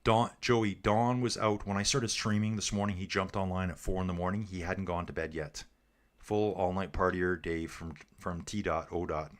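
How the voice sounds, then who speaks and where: Man, lowish voice, livestream race commentator; loose, jokey, chats with viewers. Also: fairly even intonation, normal speed. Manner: chatty, jokey, reads viewer comments aloud. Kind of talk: casual live commentary reading chat.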